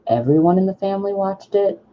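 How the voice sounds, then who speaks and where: A woman co-hosting a casual chat, telling animated stories about childhood shows. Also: mid-range voice, quick pace. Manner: animated storyteller, mimics her mother. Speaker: co-host. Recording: dull lo-fi sound.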